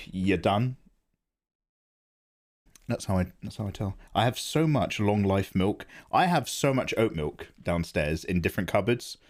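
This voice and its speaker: Lively man chatting on stream. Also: fairly low pitch. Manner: chatty, chats with viewers in the chat. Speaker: art streamer. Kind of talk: casual chat while drawing on a livestream. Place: home streaming setup.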